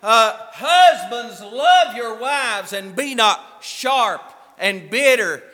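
A man preaching a sermon as a pastor, telling a story and swinging between soft asides and emphatic points. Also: extremely high pitch, animated, extremely slow. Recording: echoey hall from far off.

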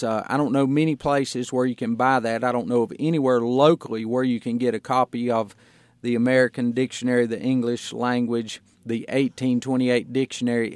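A man preaching as a pastor on a radio broadcast, slowing down to stress single words as he explains them. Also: medium pitch, darkish tone, no room sound. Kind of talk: radio sermon.

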